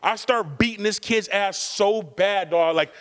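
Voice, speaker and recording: A man from California co-hosting a podcast, telling stories in a loud, profane and animated way. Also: sits high, measured pace, long reverb tail. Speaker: podcast co-host. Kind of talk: comedic storytelling chat.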